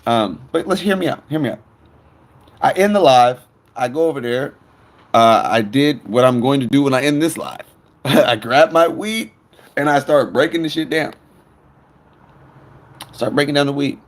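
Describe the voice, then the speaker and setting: A man's voice: mid-range voice, moderate pace, pauses often. A man telling a rambling, profane story to viewers on his phone stream.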